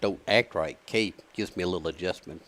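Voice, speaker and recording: Male co-host, fairly low voice, short dry one-liners. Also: fairly quick, fairly bright tone. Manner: dry, wisecracking short replies. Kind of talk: casual chat.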